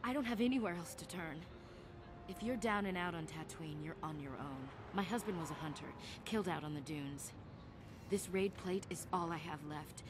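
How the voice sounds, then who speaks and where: A soft, desperate widow begging a stranger for help in a video game, as a woman voices her. Her voice sits a little low and comes through with clear noise behind it. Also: normal speed, close to an everyday voice. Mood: pleading. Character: grieving widow of a desert hunter.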